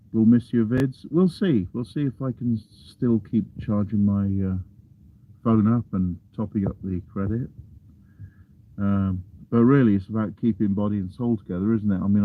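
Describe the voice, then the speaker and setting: A man's voice: fairly low pitch, phone-quality sound. A man from England, chatting casually on a live stream and reading out viewer comments with self-deprecating chuckles. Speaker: vlogger reading live chat.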